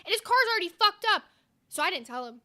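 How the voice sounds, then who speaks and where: A young woman co-hosting a casual podcast, telling a story in an animated, profane way with lots of "like". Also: very high voice, fast. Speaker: podcast co-host.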